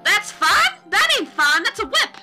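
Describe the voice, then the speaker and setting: A woman voicing a brash, folksy woman photographer in a video game, with a put-on Southern US drawl, hollering loudly. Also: high-pitched, expressive, normal speed, soft background music, heavily acted.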